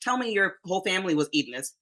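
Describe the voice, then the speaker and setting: A woman talking as a podcast guest in a relaxed interview, chatty and often quoting herself. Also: on the low side, racing, poor audio. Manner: chatty, quotes herself often, frequent restarts. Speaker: podcast guest, fitness competitor. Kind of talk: casual interview chat.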